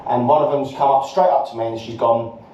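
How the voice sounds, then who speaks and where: A mellow-toned man rambles through a self-deprecating story. The recording is dull and roomy, and he sounds set back from the mic. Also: medium pitch, steady tone, quick pace, distant mic, slight background noise. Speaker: podcast co-host. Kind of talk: casual chat.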